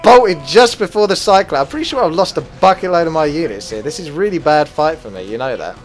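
A man commentating his own strategy game as he plays it, swearing freely and flaring into loud rage before calming down again. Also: fairly high pitch, a little fast, soft background music. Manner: swears a lot, flares into loud rage then calms. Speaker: gaming commentator. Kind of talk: gameplay commentary.

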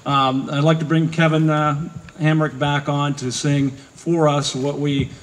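A man introducing performers and guests as master of ceremonies at a public ceremony, speaking haltingly with many pauses. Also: fairly high pitch, flat delivery, noisy background. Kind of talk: ceremony announcing. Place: outdoor park ceremony.

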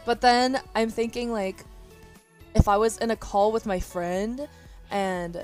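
A woman's voice: on the high side, unhurried, a little mellow, soft background music. A young woman streamer chatting casually with her viewers, rambling, swearing freely and laughing often. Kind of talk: casual chat. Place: indoors near a window. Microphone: iPhone as webcam.

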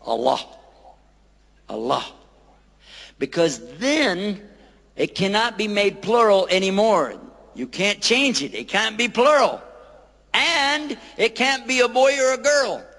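Slow-talking man, playful lecturer quizzing a crowd, reverberant hall. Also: high-pitched, animated, sharp tone. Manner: playful, quizzing the audience, repeating words slowly. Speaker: lecturer on Islam. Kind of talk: lively public lecture to an audience. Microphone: microphone.

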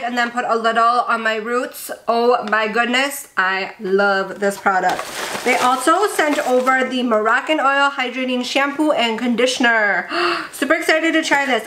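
A young woman vlogging casually as she unboxes beauty products, gushing and gasping with excitement. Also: high-pitched, a little hiss or hum. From India. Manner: gushing, excitable, gasps often.

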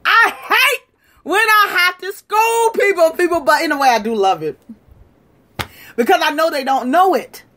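A woman hosting a livestream, lecturing and challenging viewers in a combative way, moving from shouting to quiet muttering. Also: extremely high pitch, expressive, moderate pace, a little hiss or hum. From United States. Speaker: livestream host. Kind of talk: live-stream rant to viewers.

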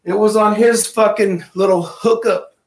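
A man's voice: high-pitched, steady tone, unhurried, reverberant. A man hosting a casual online chat, ranting with constant swearing, out of breath and sick. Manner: profane, ranting. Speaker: host.

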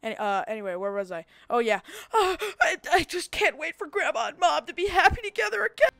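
A woman narrates her game with mock-heroic drama, cursing and yelling at enemies. Her voice is very high and bright, and it sits dry and close with almost no room sound. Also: very animated, brisk, gravelly, no room sound. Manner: melodramatic mock-heroic monologues, swearing and yelling. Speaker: gamer. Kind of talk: gameplay commentary.

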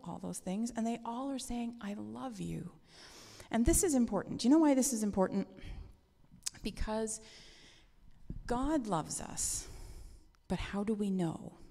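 A woman's voice: mid-range voice, dark tone. A woman leading a children's talk in a church service, friendly and asking the children questions, with a long church-hall reverb. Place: church sanctuary.

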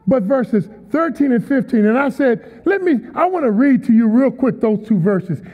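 Here a guest preacher's very high-pitched, slightly rough voice moves at a normal speed with lively intonation. He delivers an emphatic sermon in a large church auditorium, calling out and hearing the congregation answer back, all captured with a tinny tone and long hall reverb.

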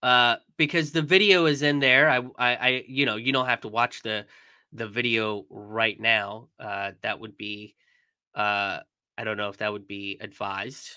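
Young man, live-stream commentary, angry and profane, bright forceful voice, dry close sound. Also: on the low side, fairly even intonation, a little slow, smooth, no echo. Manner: angry, profane, emphatic with many fillers.

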